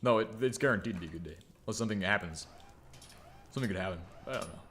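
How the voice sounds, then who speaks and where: A man's voice: on the low side, rapid-fire, a bit bright, slight background noise. A man giving casual, jokey gameplay commentary, muttering and humming to himself as he builds. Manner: jokey, self-mocking, hums and mutters to himself. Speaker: gaming video creator.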